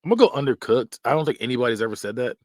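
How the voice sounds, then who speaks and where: Podcast host, male, mid-pitched, jokey reactions with frequent laughter, dry close sound. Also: racing, dry recording. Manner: laughs often, animated and joking. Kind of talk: casual reaction commentary.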